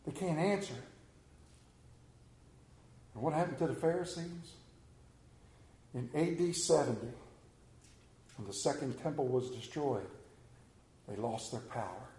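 A man preaching a sermon, telling folksy stories and swinging between loud emphasis and quiet asides. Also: mid-range voice, measured pace, long pauses, echoey room. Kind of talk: sermon with anecdotes.

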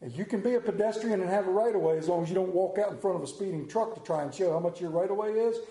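A man's voice: high-pitched, fast. Dramatic preacher man in an echoey church. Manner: dramatic storytelling that builds to near shouts and drops to hushed tones. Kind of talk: sermon.

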